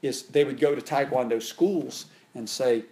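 Speaking at a measured pace in an ordinary mid-range voice, this middle-aged man spins long stories as a guest in a relaxed interview. A martial arts instructor, he rambles with lots of restarts and fillers, and he gets higher and louder whenever something excites him.

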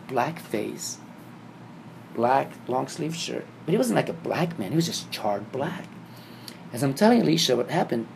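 Gravelly man telling a story. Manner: animated, acts out scenes, rising pitch when excited. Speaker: guest telling a dream story. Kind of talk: casual storytelling. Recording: noisy background ambience.

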